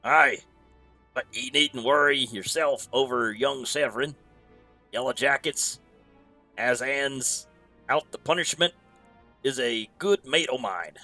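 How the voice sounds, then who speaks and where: A man's voice: medium pitch, takes it slowly, long pauses, sharp tone, soft background music. A man voicing a wry, scheming male pirate innkeeper from a game, reading the dialogue in old sea-dog dialect.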